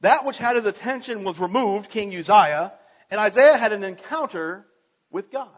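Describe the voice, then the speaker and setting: Male preacher reading and expounding scripture, husky high voice, dull lo-fi recording. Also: expressive, normal speed, in a large hall. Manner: earnest, reading aloud with small slips and restarts.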